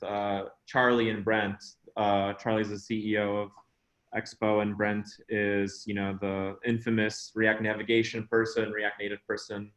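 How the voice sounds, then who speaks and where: A man's voice: lowish voice, fairly bright tone, roomy sound, poor audio. A man giving a casual tech talk at an online meetup over a video call, chatty and rambling. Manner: chatty and rambling, lots of "you know" and "uh". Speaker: guest speaker at online meetup.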